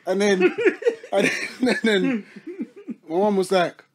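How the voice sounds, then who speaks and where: A man's voice: sits high, a little slow. A young man, telling a funny story in casual chat and laughing a lot as he goes. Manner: animated, laughing storytelling in slang.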